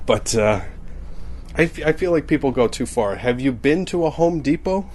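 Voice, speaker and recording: A young man talks his way through a loose comedic monologue for a podcast. He keeps cutting himself off mid-sentence and laughs at his own jokes, and his voice sits at an ordinary, middle pitch. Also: expressive, normal speed, darkish tone, husky. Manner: rambling, self-interrupting, laughs at own jokes.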